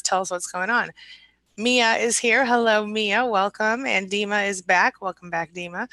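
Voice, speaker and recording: Bright-voiced woman hosting a live chat. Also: mid-range voice, no room sound, poor audio. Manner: chatty, greets viewers by name and answers questions off the cuff. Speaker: relationship recovery coach hosting a live stream. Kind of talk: casual live-stream chat, reading viewer comments aloud.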